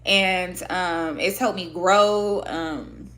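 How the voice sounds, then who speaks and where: A woman from Michigan, a vlogger and podcaster, talks casually to camera, swearing a lot and sounding candid and expressive. Her voice is on the low side, with drawn-out words, recorded on her own microphone at her desk.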